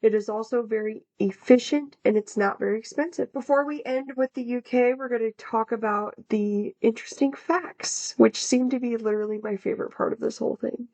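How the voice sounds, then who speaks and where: Speaking a little fast in a fairly high, slightly mellow voice with hardly any pauses, a young American woman co-hosts a podcast. She delivers researched facts casually and chattily, with plenty of fillers, over dull lo-fi sound.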